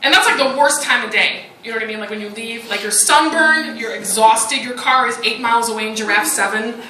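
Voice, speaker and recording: A woman's voice: on the high side, fairly quick. A woman performing a stand-up comedy set, chatty and self-mocking, with lots of "like" and "you know". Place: comedy club stage. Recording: roomy live recording from a distance with loud crowd noise.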